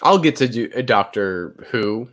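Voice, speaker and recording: A man's voice: medium pitch, animated, a little slow, a bit bright. A man co-hosting a casual movie chat, analytical and a bit rambling, often restarting his sentences. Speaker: podcast co-host.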